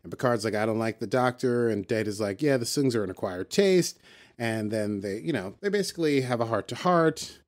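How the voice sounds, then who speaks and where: A man hosting a podcast, recapping a TV episode in a relaxed, conversational way. He slips in and out of quick, loose paraphrases of the characters' lines. His voice sits at an ordinary middle pitch. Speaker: podcast host.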